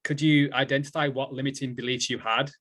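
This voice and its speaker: A male host asks questions in a reflective, halting way, often restarting his sentences. His pitch sits in the middle range for a man. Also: level tone, fairly bright tone. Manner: thoughtful, halting, with many restarts. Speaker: interviewer host. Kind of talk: interview conversation.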